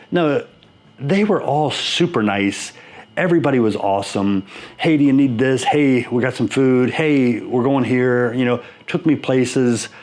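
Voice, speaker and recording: Chatty man rambling in a vlog. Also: medium pitch. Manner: acts out quoted exchanges in quick voices. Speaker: home brewing channel host. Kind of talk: casual vlog recap.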